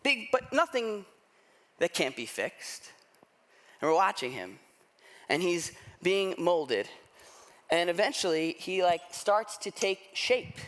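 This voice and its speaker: A man preaching a sermon, telling a story in a lively, conversational way and acting out the people he quotes. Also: high voice, slow pace, pauses often. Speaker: pastor.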